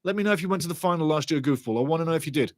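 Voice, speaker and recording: An excitable man calls a match live and chats back at his viewers. His voice sits a little high, and he keeps looping his pet phrases. The sound is dry and close. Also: very fast, dry recording. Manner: excitable, chatty, repeats catchphrases. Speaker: watch-along commentator. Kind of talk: live match commentary with chat reading.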